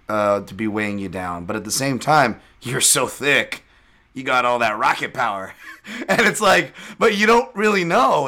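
A man's voice: medium pitch, sharp tone. A man hosting a podcast, chatting casually and rambling through a story with many fillers and restarts. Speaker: podcast host.

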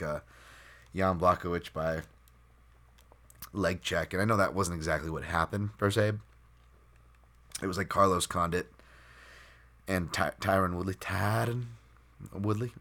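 A man with a deep, low-pitched voice hosts a solo podcast, talking off the cuff. He rambles, restarts his sentences and fills gaps with ums and you-knows. He is quick to make fun of himself. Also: fairly bright tone. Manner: rambling, self-deprecating, full of fillers and restarts. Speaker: podcast host. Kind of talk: solo unscripted podcast talk.

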